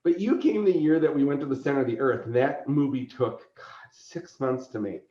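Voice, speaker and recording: Animated storytelling man, roomy lo-fi sound. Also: medium pitch, fairly quick. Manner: animated, laughing, acts out quoted voices. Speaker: convention organizer, podcast guest. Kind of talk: casual storytelling chat.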